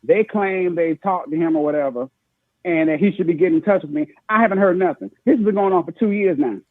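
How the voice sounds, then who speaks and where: A caller to a talk show vents at length, frustrated and ranting, in a high voice that moves fast. The call-in commentary comes over a tinny, dry phone line with no room sound.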